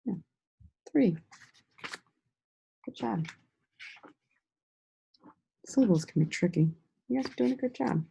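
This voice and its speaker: A woman teacher giving a slow, sing-song lesson to young children, stretching out words and praising them often. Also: medium pitch, lively intonation, gravelly, warm tone, slight background noise, low-quality recording. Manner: encouraging, drawn-out words with frequent praise.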